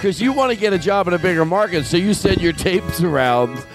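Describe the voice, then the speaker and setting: Animated male comedy podcast host. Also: high voice, fairly quick, over music. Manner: animated, laughing often. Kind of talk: comedy banter.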